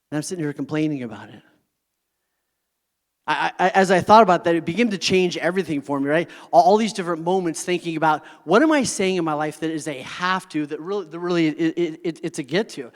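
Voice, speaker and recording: A middle-aged man giving a heartfelt motivational talk to a live audience, sharing personal stories and often checking that listeners are with him. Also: fairly high pitch. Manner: earnest, keeps checking in with the audience. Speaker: motivational speaker. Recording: long hall reverb.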